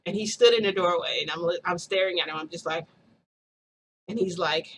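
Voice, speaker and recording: A woman's voice: on the low side, brisk, a little hiss or hum. A woman vlogger telling a story to her viewers in a chatty, gushing way, often giggling and calling them "guys".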